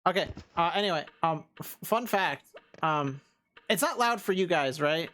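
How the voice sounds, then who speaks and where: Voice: medium pitch, animated, moderate pace, a bit bright, soft background music. A young adult streamer giving casual let's-play commentary, rambling and full of filler words. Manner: rambling, laughing, heavy use of filler words.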